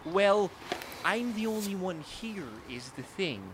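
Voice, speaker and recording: Gas attendant, young, meek, bitter, high voice, comedy audio drama. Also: male voice, expressive, slow, background noise. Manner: meek and weary, turning bitter. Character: young man, mopping gas attendant, jealous of his brother.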